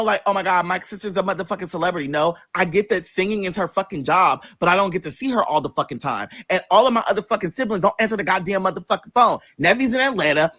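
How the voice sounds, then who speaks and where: A man telling a personal story in a casual, animated, profane way, jumping into high voices to act out what others said. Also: no echo. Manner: animated, profane, acts out quoted voices with big pitch jumps.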